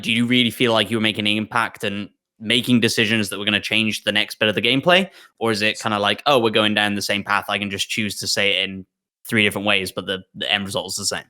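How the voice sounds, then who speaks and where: A man's voice: lowish voice, bright, forceful tone. A man co-hosting a casual gaming chat, asking curious, probing questions. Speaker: interviewer, co-host.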